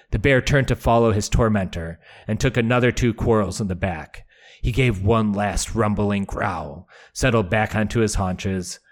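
A man hosting a podcast, recapping a book chapter with wry, profane asides and dramatic readings. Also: lowish voice. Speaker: podcast host.

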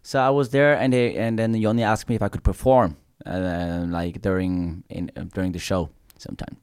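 A man's voice: low voice, moderate pace, smooth, no echo, clean studio sound. A young adult man, a comedian guest, telling stories in a casual chat, swearing freely and laughing often. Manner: animated, swearing anecdotes with laughter.

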